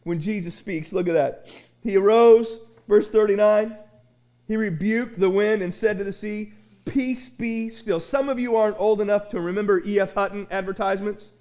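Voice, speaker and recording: A very high-pitched man preaching. He rambles through folksy stories full of restarts, then rises into shouted refrains. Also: fairly even intonation, normal speed. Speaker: pastor. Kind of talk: sermon. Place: small church sanctuary.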